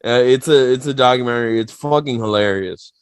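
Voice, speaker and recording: A man co-hosting a casual podcast, talking in a blunt, profane and animated storytelling way. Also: medium pitch, a little fast, smooth, no room sound. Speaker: podcast co-host.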